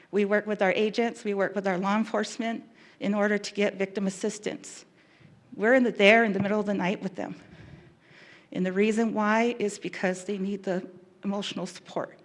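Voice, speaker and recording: A woman who works as a victim specialist giving an earnest, emotional talk, pausing and restarting as she goes. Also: medium pitch. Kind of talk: public talk.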